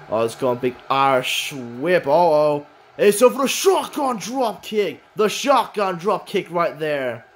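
A man giving excited play-by-play commentary on a wrestling match, swinging from calm description to shouting. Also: high-pitched.

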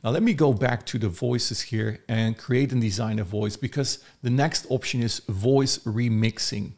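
A man giving an enthusiastic, step-by-step software review. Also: medium pitch, normal speed. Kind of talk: screen-recorded product review.

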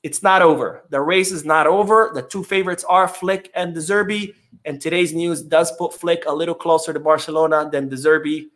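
A man's voice: fairly high pitch, fairly even intonation, a little fast, hardly any pauses, fairly bright tone. A man hosting a casual live-stream podcast, reading chat comments in a loose, chatty way with many fillers.

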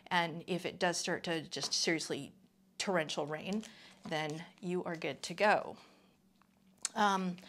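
Chatty woman from Canada, lowish voice. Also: fairly bright tone. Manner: chatty, with many ums and asides. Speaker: vlogger. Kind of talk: casual product review.

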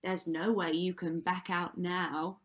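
A woman voicing a shrieking, gleeful ugly stepsister in a storybook reading, with a shrill, triumphant voice. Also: flat delivery, takes it slowly. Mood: insistent.

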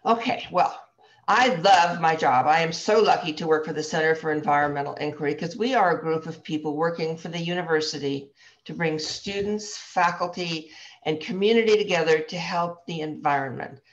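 A woman hosting an online event, giving a friendly, slightly halting welcome and introducing the speaker. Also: low voice. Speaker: event host. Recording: dull lo-fi call audio.

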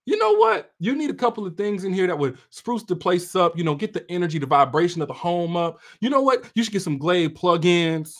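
A man voicing an eager woman offering to tidy and cook in a man's home, chattering out quick suggestions in a high lively voice.

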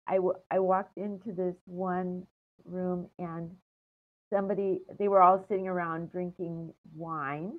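An older American woman with a fairly low voice wanders through her stories, stopping often for ums and trailing pauses. Her voice comes through a thin, phone-like line that cuts the lows and highs. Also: flat delivery. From United States. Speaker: interview guest. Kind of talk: casual storytelling interview.

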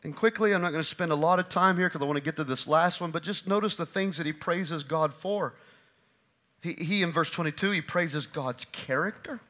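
A man preaching a sermon from the pulpit, his voice pitched high and bright. He drives points home with loud bursts, then sinks to hushed, quiet lines. It is the steady, emphatic cadence of a church pastor. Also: fairly quick. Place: church sanctuary.

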